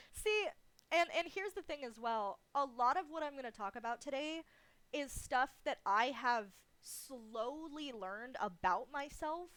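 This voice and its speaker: A woman's voice: a little high, a bit bright, no room sound. A woman streamer talking casually and candidly in a livestream Q&A, swearing freely and laughing often.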